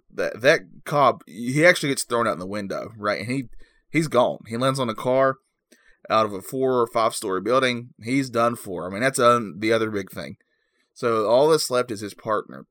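A man giving a mock-serious comedic movie review in a deadpan, rambling, mock-earnest way. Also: medium pitch, dry recording, clean studio sound.

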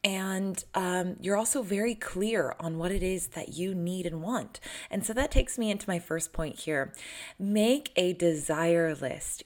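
A young woman coaching viewers on manifesting love, chatty and earnest with plenty of fillers. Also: fairly low pitch. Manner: chatty and earnest, with many fillers and little laughs. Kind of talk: casual talk to camera.

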